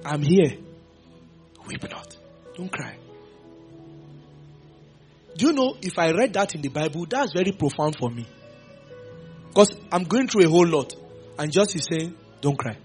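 Animated male preacher. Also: fairly high pitch, normal speed, faint music behind. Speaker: pastor. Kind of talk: sermon.

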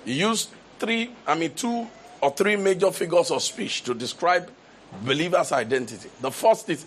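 A man's voice: on the high side, very animated, moderate pace, a bit bright, breathy edge. A man preaching a sermon, building to emphatic repeated declarations and often restarting his phrases. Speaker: pastor.

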